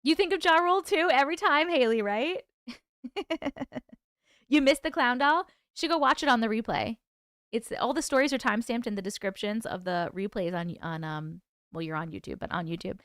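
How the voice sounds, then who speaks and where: A woman's voice: fairly high pitch, moderate pace, a bit bright, clean tone, dry recording, studio quality. A woman hosting a casual livestream chat, greeting viewers by name, reading their comments aloud and laughing often. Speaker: livestream host.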